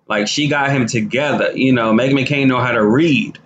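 A man's voice: medium pitch, normal speed, hardly any pauses, fairly bright tone, dull audio, a little hiss or hum. A man giving casual, slangy commentary, talking animatedly with lots of fillers and restarts. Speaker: commentary vlogger.

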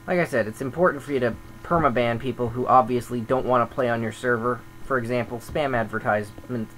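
A man chatting casually over his gameplay, grumbling and thinking aloud as a server admin. His voice sits at an ordinary middle pitch. A faint electrical hum runs underneath. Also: fast talker, fairly bright tone, rough recording.

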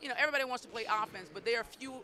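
A woman's voice: a little high, racing, sharp tone, slight background noise. A middle-aged woman, a basketball coach, talking effusively and proudly in a postgame interview, often repeating herself. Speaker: women's basketball head coach.

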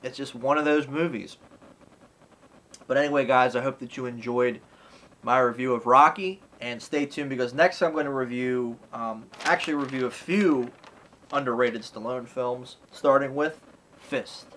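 A man's voice: mid-range voice, moderate pace, a bit bright, slight background noise, rough recording. A man casually reviewing a classic film in a rambling way, filling his talk with "you know" and "like" and acting out lines from scenes. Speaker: movie reviewer.

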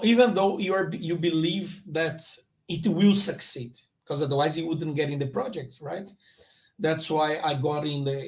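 A man hosting his own crypto channel live, talking loosely and rambling, with frequent restarts. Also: on the high side. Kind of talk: casual livestream commentary.

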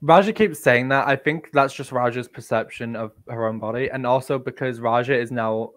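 A man with a Northern English accent, co-hosting a casual podcast chat and ranting with animated, sweary mock outrage. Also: medium pitch, moderate pace. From England. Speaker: podcast co-host.

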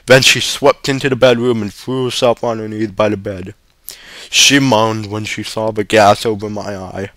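A man reading a short story aloud as narrator, steady with occasional small stumbles. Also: lowish voice, moderate pace, no room sound. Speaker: story reader.

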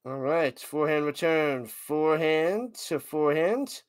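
A high-voiced man streams live tennis play-by-play, calling shots and humming tunes between points. He talks slowly and unhurriedly. The sound is dry, with no room around it. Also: no echo. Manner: excitable, hums and chants between points. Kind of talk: casual live play-by-play commentary.

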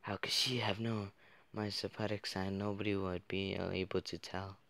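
A man's voice: sits low, flat delivery, moderate pace, gravelly, a bit bright. A man casually playing a visual novel, hesitantly reading the game text aloud with lots of fillers. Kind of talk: casual let's-play commentary.

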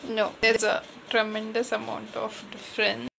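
A woman's voice: fairly high pitch, completely flat delivery, normal speed, gravelly, loud music behind the voice, low-quality recording. A young woman chatting casually in a vlog, rambling with lots of fillers and poking fun at herself. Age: young adult. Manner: rambling, filler-heavy, self-mocking. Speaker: vlogger. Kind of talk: casual vlog voice-over chat.

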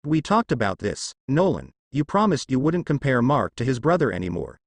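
A man's voice: mid-range voice, very animated, normal speed, no room sound. A man reading a fan story, voicing a protective, concerned human mother who speaks in an earnest, reproachful way.

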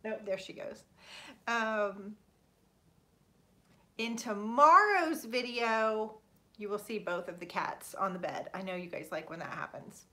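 A woman's voice: mid-range voice, expressive, a little slow, long pauses, pushed and bright. A woman from Florida chatting casually while hosting a live stream, greeting viewers by name, laughing often and apologizing when she mispronounces names. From Florida, USA. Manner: apologetic and self-deprecating about pronouncing names. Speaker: livestream host.

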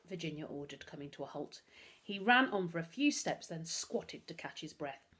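A woman teacher, reading a children's novel aloud to her class as an expressive storyteller. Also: low voice, normal speed, slightly rough. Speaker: primary school teacher.

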